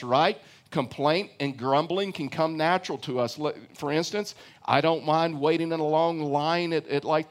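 An older pastor with a fairly high voice preaches a conversational sermon, repeating phrases for emphasis and putting questions to his congregation.

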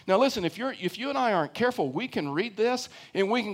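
A man's voice: high voice, lively intonation, fast talker, hardly any pauses. An older man preaching a sermon as pastor, conversational, repeating phrases for emphasis and asking the congregation questions.

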